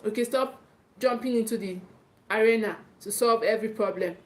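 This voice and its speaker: A woman with a Nigerian English accent coaches parents in a live talk, speaking emphatically, frequently repeating and restarting her phrases, and checking in with "okay." Her voice is a little high, brisk, and darkish in tone.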